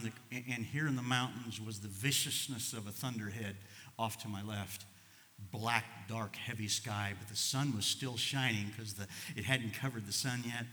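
A man preaching a sermon as pastor, emotional, moving from quiet storytelling to loud, fervent preaching. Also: mid-range voice, long reverb tail. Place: church sanctuary.

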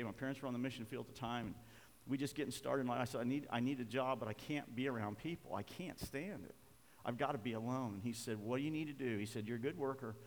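An older male pastor preaching a sermon, telling a personal story with emotion and soft laughs. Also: medium pitch. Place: church sanctuary. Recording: reverberant church hall.

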